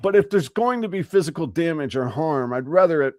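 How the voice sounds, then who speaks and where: Male co-host, casual chat, lively rambling delivery, upper-range voice, dry booth sound. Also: on the high side, a little fast, dry recording. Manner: animated, rambling storyteller. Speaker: podcast co-host.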